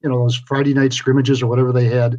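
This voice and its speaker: A man's voice: medium pitch, flat delivery, fast, warm tone, highs cut off. An older man co-hosting sports radio, telling stories in a dry, wry way. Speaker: sports reporter and co-host. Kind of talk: casual sports radio chat.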